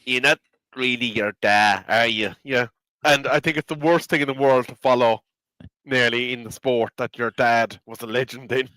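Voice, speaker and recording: A man's voice: medium pitch, steady tone, moderate pace, pushed and bright, smooth, no echo, low-quality recording. A man co-hosting a football watchalong, blunt and opinionated, bantering with the host. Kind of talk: casual football watchalong chat.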